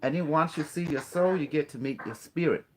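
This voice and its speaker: A man's voice: fairly high pitch, a little fast, a little hiss or hum. A man giving a casual spiritual talk. He rambles, repeats himself and keeps asking his listener questions. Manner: rambling, repetitive, breaks into playful chanting.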